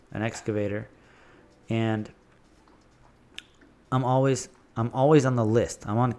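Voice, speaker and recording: Blunt low-voiced business owner, man. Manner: blunt, animated storyteller, swears casually. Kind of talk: casual business advice vlog.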